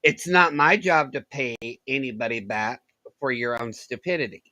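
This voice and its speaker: Lively, bright-voiced sarcastic woman. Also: rumbling low, normal speed, no room sound, rough recording. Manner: sarcastic, laughs often. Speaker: commentator reacting to clips. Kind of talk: reaction commentary.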